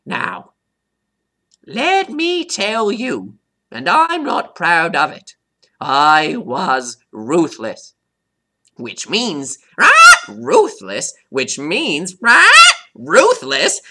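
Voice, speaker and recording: A man voicing a cocky, hot-tempered male pet parrot who teaches vocabulary, boasting and stopping to define words, with squawky high jumps on "right?". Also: pushed and bright, heavily acted. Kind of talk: scripted vocabulary lesson.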